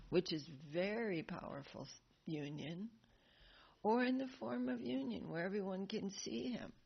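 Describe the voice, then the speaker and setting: A woman's voice: medium pitch, lo-fi sound. A woman teaching a devotional class, retelling a sacred story animatedly with laughs and acted voices.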